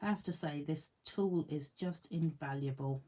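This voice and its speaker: A woman's voice: low voice, steady tone, normal speed, warm tone. A woman demonstrating card making in a casual tutorial at her home craft desk, chatting to herself and her tools and laughing at her own jokes.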